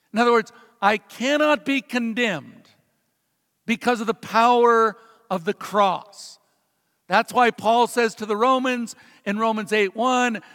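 A man preaching a sermon as a pastor, telling stories dramatically and swinging between loud emphasis and hushed, quiet passages. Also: sits high. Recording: long reverb of a large hall.

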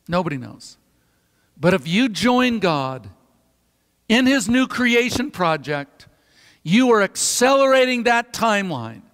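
High-voiced preacher in a reverberant hall. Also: male voice. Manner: dramatic pauses, drops to a hush at phrase ends. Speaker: pastor. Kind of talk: sermon.

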